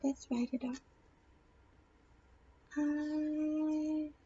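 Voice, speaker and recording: A woman's voice: a little high, fairly even intonation, a little slow, gravelly, warm tone, muffled recording, a little hiss or hum. A woman teaching a Spanish grammar lesson on video, patiently asking questions and answering them herself. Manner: patient, asks and answers her own questions.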